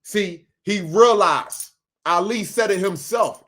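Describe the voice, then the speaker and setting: A man reacting to video clips in casual commentary, animated and emphatic, repeating lines for effect. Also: sits high, moderate pace.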